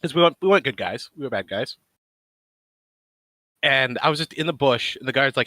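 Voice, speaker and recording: Brief: male stream host, bright and forceful tone, dry close sound, rambling storyteller. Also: medium pitch, expressive, a little fast, dry recording. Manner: rambling, with many fillers and laughs. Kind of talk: casual storytelling chat.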